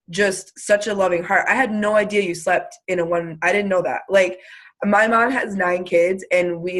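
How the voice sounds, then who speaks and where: A woman hosting a casual video call, effusive and gushing, full of "like" and filler words. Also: fairly low pitch. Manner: effusive, gushing, lots of "like" and laughter. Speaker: host.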